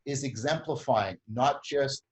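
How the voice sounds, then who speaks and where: A man's voice: mid-range voice, measured pace, rough recording. A man hosting a conversation, explaining a group process at length with many restarts and frequent tag questions. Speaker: host.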